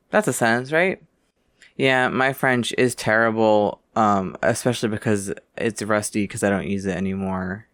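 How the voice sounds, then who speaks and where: A man's voice: medium pitch, a bit bright, clean tone, dry recording, studio quality. An American man giving a casual, self-deprecating tour of his home library, reading titles aloud. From United States. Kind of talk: casual chat.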